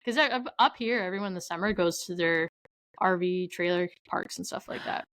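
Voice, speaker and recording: A woman's voice: lowish voice, a little fast, fairly bright tone, smooth, no echo, poor audio. A young adult woman from Canada, a podcast guest telling stories in casual, rambling chat, full of "like" and quoted asides. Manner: chatty storyteller, heavy use of "like".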